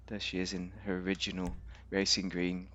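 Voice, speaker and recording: A man's voice: deep voice, completely flat delivery, moderate pace, pushed and bright. A man giving rambling, casual commentary on a game, thinking aloud with fillers and restarts. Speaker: game reviewer.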